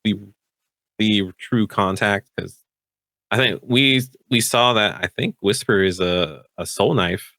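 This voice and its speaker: A man's voice: fairly low pitch, slow, pushed and bright, dry recording, studio quality. A man who is a tabletop game player, chatting casually about the campaign, rambling with many fillers and restarts.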